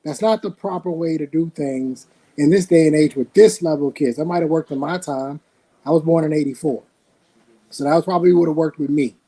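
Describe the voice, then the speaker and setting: A man's voice: on the high side, fairly quick, mellow, poor audio. A man in his forties giving blunt, emphatic opinions as a panelist in a casual podcast debate.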